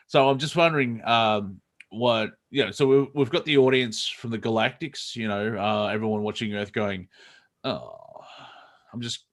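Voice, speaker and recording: A man's voice: lowish voice, fairly bright tone. A middle-aged Australian man co-hosting a casual comedy chat, rambling with many fillers and restarts. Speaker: comedy show co-host.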